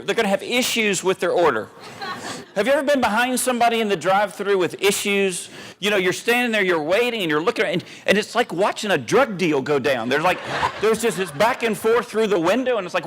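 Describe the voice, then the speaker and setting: High-voiced man telling a comic story. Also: a little hiss or hum. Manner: animated, self-mocking storytelling with pauses and restarts. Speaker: humorous keynote speaker.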